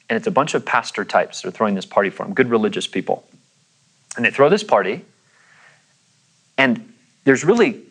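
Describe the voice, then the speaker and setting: A man's voice: medium pitch, a bit bright, poor audio. A man preaching a sermon in a casual storytelling way, acting out the voices of the people in his story. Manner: conversational, acts out quoted voices. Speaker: pastor.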